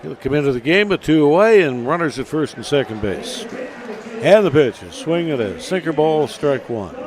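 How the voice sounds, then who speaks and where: Steady male baseball play-by-play announcer. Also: a little high, moderate pace.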